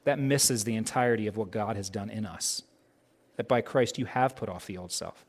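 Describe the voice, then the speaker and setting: A man's voice: lowish voice, normal speed. A man preaching a sermon as a pastor in a casual, conversational way, asking many rhetorical questions and acting out bits of dialogue. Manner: conversational, acts out quoted dialogue.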